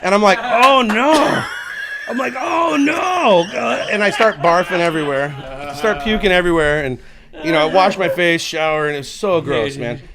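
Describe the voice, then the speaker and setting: A man's voice: fairly high pitch, brisk, over a noisy crowd. A man telling a raucous story as a podcast guest, laughing and acting out quotes. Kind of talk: casual chat, telling a story.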